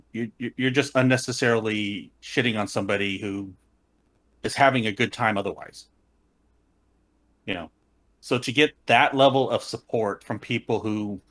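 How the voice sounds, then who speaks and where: A man's voice: lowish voice, a bit bright. A man on a podcast panel, talking about cosplay in a wry, opinionated, casual way.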